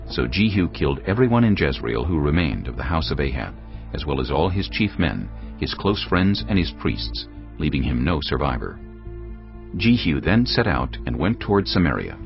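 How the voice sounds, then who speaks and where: Narrator, man, very deep and gravelly, dramatic and measured scripture reading. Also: very animated. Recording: dull lo-fi with background music.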